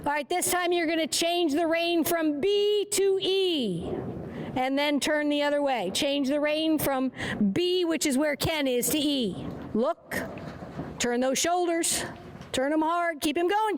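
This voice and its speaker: A woman's voice: sits high, a little slow, a little hiss or hum. A woman riding instructor giving short, encouraging, repeated commands during a driving lesson.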